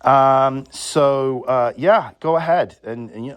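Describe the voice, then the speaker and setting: A man's voice: medium pitch, slow, hardly any pauses, smooth, dry recording. A man who runs a video transfer business, ranting bluntly and sarcastically in a vlog, with some swearing.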